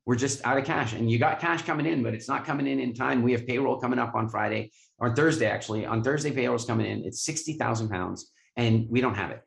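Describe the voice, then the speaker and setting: A man voicing his female accountant in a low, flat, matter-of-fact way. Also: fast talker, creaky, hardly any pauses, reverberant. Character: worried female company accountant.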